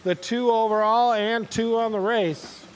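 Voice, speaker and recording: A man's voice: sits high, steady tone, a little slow, long reverb tail, slight background noise. A man announcing a radio-control car race live, calling positions and chatting casually with the drivers by name.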